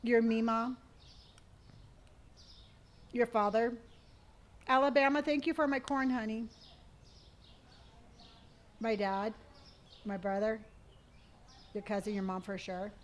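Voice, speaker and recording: A middle-aged woman streaming live, reading viewer comments and answering them in a warm, gentle way, often calling people honey. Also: on the high side, steady tone, takes it slowly, long pauses. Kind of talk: casual live-stream chat.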